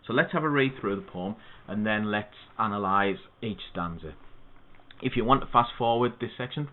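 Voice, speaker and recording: A man's voice: lowish voice, normal speed. Man teaching a poem over tinny audio. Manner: steady, methodical teaching with spoken asides. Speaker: English literature tutor. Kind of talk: explaining a poem to students.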